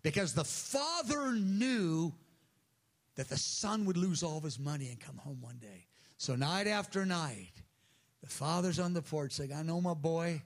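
Animated man preaching a sermon. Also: on the high side, a little slow. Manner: animated storytelling, acts out characters' voices.

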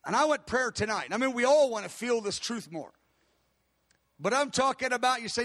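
A man delivers a sermon in a very high, bright voice, hammering home declarations and drawing out key words for weight. His voice rings with the long reverb of a large hall. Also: expressive. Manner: emphatic, repeats declarations, slows down to stress words. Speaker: preacher.

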